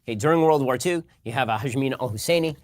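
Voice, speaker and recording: A man delivering lecture-style political commentary in a rapid, assertive way. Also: medium pitch.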